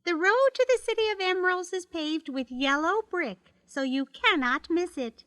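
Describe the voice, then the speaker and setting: A woman's voice: very high-pitched, animated, normal speed, fairly bright tone, no echo, pitched above the performer's own voice. A woman doing a kindly, stately good witch. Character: kindly old good witch, gentle and wise.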